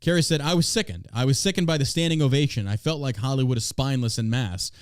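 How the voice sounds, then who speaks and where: Speaking fast in a clean, mid-range voice, a male podcast host reads news stories and rants about them with blunt profanity. The studio-quality recording has no echo, and the tone is casual commentary.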